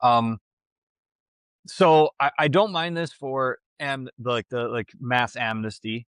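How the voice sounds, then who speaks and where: A man's voice: mid-range voice, slow pace, a bit bright, smooth, dry recording. Hesitant man debating on a podcast. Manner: hesitant, many restarts and "like". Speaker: podcast co-host. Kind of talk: casual political debate.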